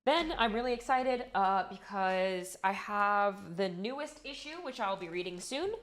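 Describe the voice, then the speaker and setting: A woman's voice: mid-range voice, lively intonation, measured pace, fairly bright tone. A woman streamer chatting casually and enthusiastically about comics, swearing freely as she talks.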